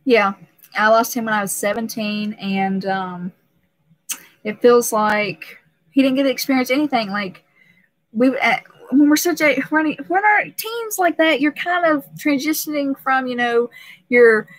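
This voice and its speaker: A woman's voice: on the high side, a little slow, no echo, low-quality recording. Chatty, emotional young woman on a live stream. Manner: emotional, chatty, laughs often, many restarts. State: pregnant. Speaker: beauty vlogger hosting a live stream. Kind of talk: casual live-stream chat.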